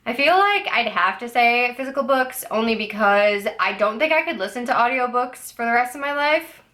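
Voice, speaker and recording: A woman's voice: on the high side, animated, moderate pace, sharp tone. A young woman chatting casually on her book vlog, rambling with lots of "like" and "I don't know" and throwing in playful, sassy asides. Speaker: book vlogger. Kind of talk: casual chat.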